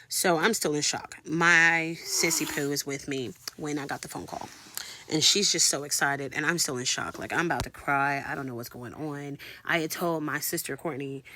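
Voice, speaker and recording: A woman in her thirties telling a casual storytime vlog, animated and slangy, acting out both sides of each conversation. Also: sits low, no room sound. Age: 30s. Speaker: vlogger.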